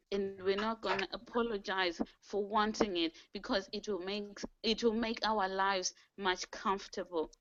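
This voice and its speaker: A woman's voice: mid-range voice, dull audio, a little hiss or hum. A woman leading a team video call, giving an earnest, preachy motivational talk that cites scripture. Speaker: team leader hosting an online call.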